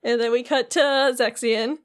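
A young woman's slightly high voice moves at normal speed as she co-hosts a podcast. Recapping a video game in casual conversation, she sounds animated and talkative, using lots of fillers and saying "like" constantly.

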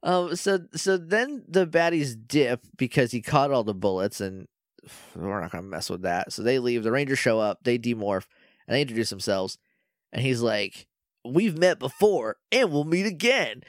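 A man co-hosting a casual podcast, recapping a show with quick, animated impressions of the characters. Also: mid-range voice, no echo, studio quality. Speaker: podcast co-host.

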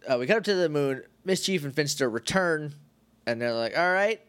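A man's voice: on the high side, animated, a little fast. A man co-hosting a podcast, casually recapping a TV episode in a rambling, jokey way. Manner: rambling, jokey, acts out quotes. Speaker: podcast co-host.

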